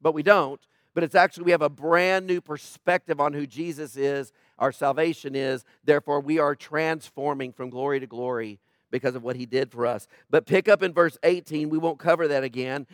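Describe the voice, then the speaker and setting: Guy pastor preaching, pretty high voice, keeps asking the crowd stuff, dry close mic. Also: a little fast, dry recording. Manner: emphatic, asks the congregation rhetorical questions. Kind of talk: sermon.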